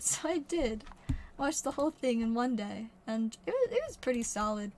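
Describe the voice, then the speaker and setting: A woman's voice: on the high side, very animated, moderate pace, slight background noise. A young adult woman livestreaming card pack openings, rambling chattily and often correcting herself. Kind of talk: casual chat.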